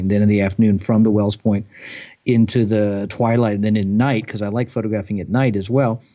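Easygoing lower-voiced man, interview guest. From United States. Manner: relaxed, thoughtful, laughs easily, some restarts. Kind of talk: casual interview answers.

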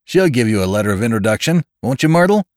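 A man's voice: medium pitch, very animated, fast talker, no echo, studio quality, pitched above the performer's own voice, natural voice. A man reading aloud, voicing a brusque, domineering wealthy man. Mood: mocking.

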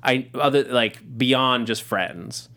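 A man's voice: medium pitch, slow pace, pushed and bright. A man co-hosting a podcast, chatting casually about a TV show, rambling with many restarts and laughing often. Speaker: podcast co-host. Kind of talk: casual TV recap chat.

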